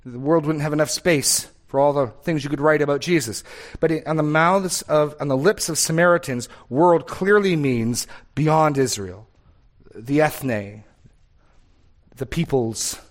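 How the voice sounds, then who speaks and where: A man's voice: on the high side, measured pace. A man preaching a sermon, earnest and emphatic, reading scripture aloud with rising force. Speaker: pastor.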